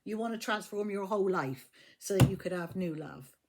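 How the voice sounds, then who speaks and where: Over a very noisy recording, a woman with a medium-pitched voice gives a casual tarot reading at a moderate pace. She's blunt, swears freely, and often repeats her phrases.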